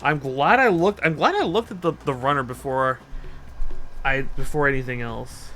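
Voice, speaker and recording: A man streaming casually as he builds a model kit. He rambles, asks himself questions and counts steps out loud while he works. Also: mid-range voice, moderate pace, soft background music. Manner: easily sidetracked, lots of restarts and rhetorical questions.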